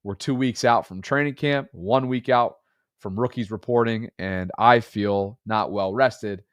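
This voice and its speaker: A low, stuffed-up voice belongs to a podcast co-host in his thirties who seems to be fighting a cold during an easygoing chat. He speaks at a measured pace with a clear, resonant tone, rambling earnestly and reflectively. The recording is close and dry, with no echo or room sound.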